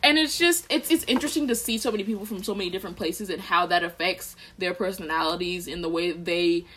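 A young woman with a Southern American accent, co-hosting a casual podcast chat about college life and joking in a lively, animated way. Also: on the low side, fast, slightly rough. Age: young adult. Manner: animated, joking, slips into mock voices. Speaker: podcast co-host, college student.

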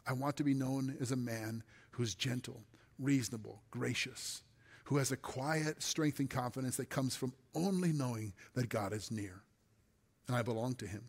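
A man preaching a sermon as pastor, earnest, often dropping to a soft, hushed voice on key phrases. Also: medium pitch, normal speed, slightly rough. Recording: long hall reverb.

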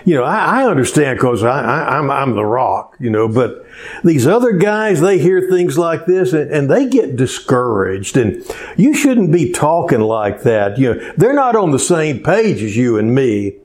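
A man voicing an eager, impulsive male apostle who pleads in a folksy, stammering way, pitched above his own voice. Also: big pitch swings, measured pace. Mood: pleading.

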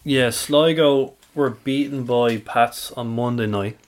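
Co-hosting a casual podcast, a man with a mid-range voice slowly and methodically reels off stats, dates and records as the show's stats presenter.

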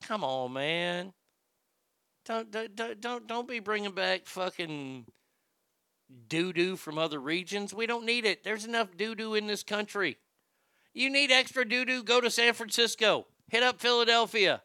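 Man, comedy host, profane news riffing, high voice, crisp tone. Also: normal speed, pushed and bright, no room sound, clean studio sound.

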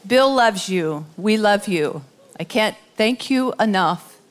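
A middle-aged woman giving an informal, heartfelt sermon in church, emotional and halting with fillers. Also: mid-range voice, lively intonation. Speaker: church speaker.

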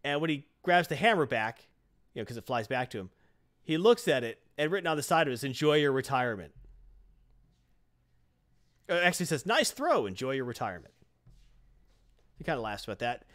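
A man hosting a casual chat, animatedly retelling a comic and acting out its lines. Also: medium pitch. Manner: animated retelling, acts out dialogue in quick voices. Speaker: podcast host recapping a comic.

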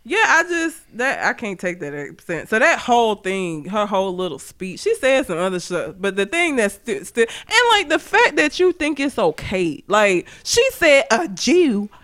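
An animated woman from Alabama chatting on a podcast, her pitch leaping up and down as she talks. She is blunt and profane, and she breaks into laughter often. Her delivery is loose and conversational. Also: moderate pace, hardly any pauses. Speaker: podcast co-host. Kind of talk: casual chat.

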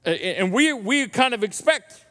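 A man preaching a sermon in a conversational, animated storytelling manner. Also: extremely high pitch, measured pace, in a large hall. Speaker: pastor. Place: church auditorium.

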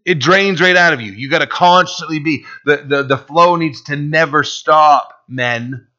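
A man's voice: a little high, measured pace, bright, forceful tone. A man preaching as a pastor, emphatic and drawn out, often asking "right?". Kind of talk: sermon. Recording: dull lo-fi recording.

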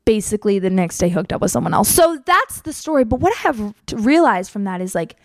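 A woman's voice: medium pitch, sing-song, a little fast, no room sound. A young woman telling a casual story in a chatty way, packed with fillers and acted-out quotes. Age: young adult.

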